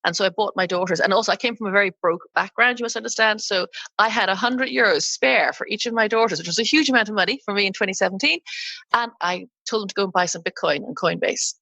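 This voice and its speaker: A middle-aged woman hosting a podcast interview, chatty and quick to laugh. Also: medium pitch, vocal fry, pushed and bright, no echo. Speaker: podcast host. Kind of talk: casual interview chat.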